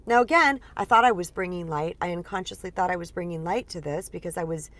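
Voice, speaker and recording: Earnest woman coach with a lively voice. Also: lowish voice, quick pace. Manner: earnest, lively, uses many fillers. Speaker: spiritual empowerment coach. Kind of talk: casual teaching monologue.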